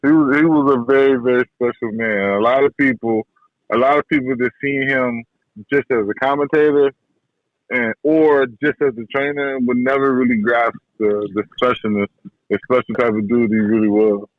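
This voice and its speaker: A man who trains boxers tells stories about his mentor in a relaxed, slangy way, often repeating himself. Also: mid-range voice, normal speed, no echo. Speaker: boxing trainer, guest. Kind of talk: casual interview talk. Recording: dull podcast audio, dry.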